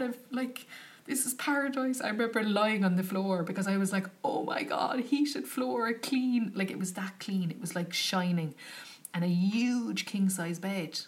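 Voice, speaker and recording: A young woman telling a travel story to her viewers in a chatty, animated way, full of "like" and "do you know". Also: lowish voice. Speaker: travel vlogger. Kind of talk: casual travel storytelling to camera. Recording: slightly distant from the mic.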